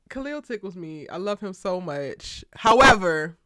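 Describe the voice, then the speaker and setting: A woman hosting a live TV show recap, talking in an animated, slangy, emphatic way and laughing often. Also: mid-range voice, slow, no echo. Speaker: TV show aftershow host.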